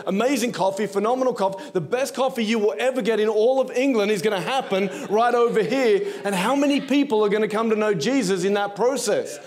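A man's voice: high voice, brisk, few pauses. A man preaching a sermon, telling a story and acting out the voices in it. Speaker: guest preacher.

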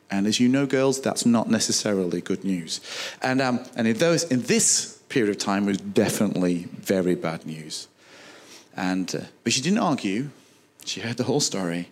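A man preaching a sermon, telling a Bible story with animated delivery and acting out the dialogue. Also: lowish voice, moderate pace.

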